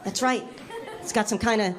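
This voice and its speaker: A woman doing a stand-up comedy set on a club stage, wry and animated, jumping into squealy voices for the people she quotes. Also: medium pitch, moderate pace. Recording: live club recording with crowd laughter. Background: audience laughing.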